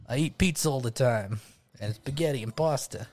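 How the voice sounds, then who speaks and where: A man's voice: medium pitch, moderate pace, crowd noise, close to an everyday voice. A man doing a hammy New York plumber. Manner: exaggerated, hammy, interjecting "hey". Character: brash Brooklyn pizza-loving male plumber.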